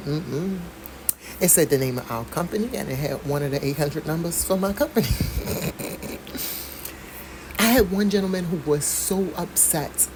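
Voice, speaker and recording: A woman's voice: low voice, background noise. A woman vlogger giving blunt, profane commentary on the story she is reading aloud. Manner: blunt and profane, speaks frankly, asides with laughs. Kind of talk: casual commentary while reading a news article.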